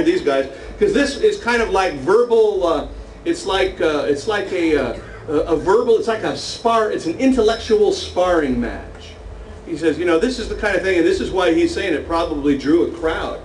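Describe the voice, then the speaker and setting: A man's voice: fairly high pitch, far from the mic. Chatty man teaching a Bible class. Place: meeting room with a small group. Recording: roomy echo, from afar, faint noise.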